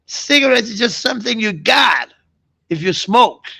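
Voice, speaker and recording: A man's voice: high voice, animated, normal speed, gravelly, pushed and bright, no echo. A middle-aged man vlogging a rambling, profane rant, mocking his targets and chuckling between jabs. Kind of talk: ranting vlog monologue.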